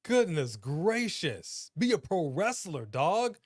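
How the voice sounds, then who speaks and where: A man co-hosting a casual wrestling chat show, talking in an emphatic, animated, slangy way. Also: a little high, slow, no echo, studio quality. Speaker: podcast co-host.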